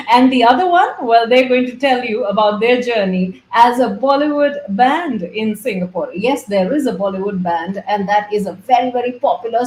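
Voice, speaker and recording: Woman, talk show host, effusive, playful, higher pitch, echoey room. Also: darkish tone.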